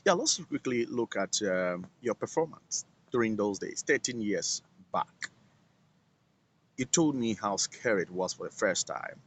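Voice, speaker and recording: A man's voice: lowish voice, expressive, measured pace, a bit bright, a little hiss or hum. A man hosting an interview, prompting his guest with short questions. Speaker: interviewer, host.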